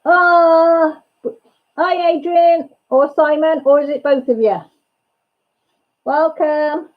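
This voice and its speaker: A woman's voice: high-pitched, fairly even intonation, slow pace, muffled recording. Chatty woman on a livestream. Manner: chatty and gossipy, laughs often, greets viewers by name. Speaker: livestream host. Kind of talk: casual chat with live viewers.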